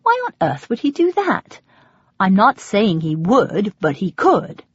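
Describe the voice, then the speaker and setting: A woman voicing a gruff, secretive older American father who speaks tersely and firmly, in a storybook reading. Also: mid-range voice, very animated, measured pace, dry recording. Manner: terse and firm. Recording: dull lo-fi audio.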